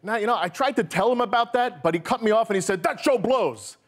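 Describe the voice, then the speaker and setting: A man, a cameraman on a talk show, doing a comedy bit in a deadpan yet eager way while giving bossy instructions. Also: high-pitched, fast talker, a little hiss or hum. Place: TV studio stage. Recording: live studio audience behind.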